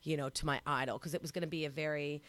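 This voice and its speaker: Animated storytelling woman comedian. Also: low-pitched, racing. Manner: expressive, swings between hushed asides and loud outbursts. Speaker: comedian guest.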